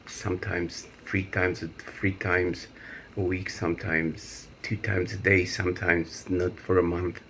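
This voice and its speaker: Male vlogger, very deep gravelly voice, rambling and emotional, faint background hiss. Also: level tone, unhurried, fairly bright tone. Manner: emotional, rambling, laughs nervously. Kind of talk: personal video diary.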